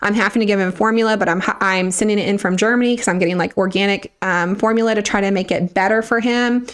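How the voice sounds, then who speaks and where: A young woman guest on a podcast tells her story with animated energy and sometimes acts out what other people said. Her voice sits at an average pitch for a woman. She keeps it conversational and personal. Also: fast talker. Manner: animated retelling, acting out others' words with laughs.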